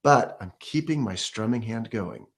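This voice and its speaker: A man's voice: mid-range voice, unhurried. Man teaching ukulele, counting beats. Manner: relaxed, explains step by step, counts beats aloud and scats rhythms. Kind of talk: casual music lesson. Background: ukulele playing.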